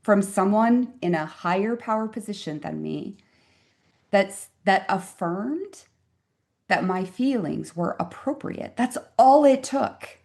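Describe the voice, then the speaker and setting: A woman's voice: medium pitch, animated, slow, vocal fry, a little mellow. A woman in her fifties, a physician guest on an interview podcast, telling stories in an earnest, reflective and emphatic way. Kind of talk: conversational interview storytelling.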